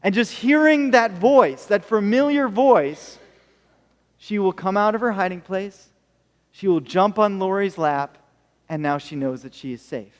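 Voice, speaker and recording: A man's voice: sits high, expressive, unhurried, big-room sound. A male American pastor preaching a sermon, telling stories with jokey asides. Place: church hall.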